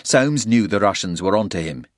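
A man voicing a calm soldier who explains things in a matter-of-fact way. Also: on the low side, normal speed, no room sound, clean studio sound, natural voice. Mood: steady. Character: calm, steady male soldier.

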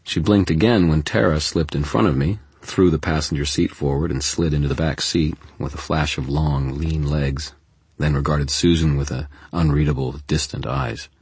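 A man narrating an audiobook in the first person, measured and deadpan. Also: rumbling low, vocal fry, breathy edge, no echo.

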